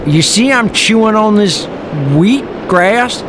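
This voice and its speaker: A man's voice: sits high, lively intonation, takes it slowly, noisy background. A man improvising a game role-play in a thick put-on frontier drawl, joking around. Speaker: player roleplaying a character.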